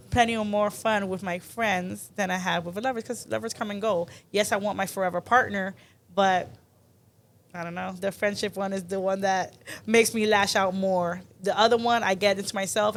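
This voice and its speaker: A young woman reflects out loud as a podcast guest, circling her thoughts in a rambling, casual way. Her voice sits mid-range for a woman. A faint hiss runs under the recording. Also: mid-range voice. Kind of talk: casual chat.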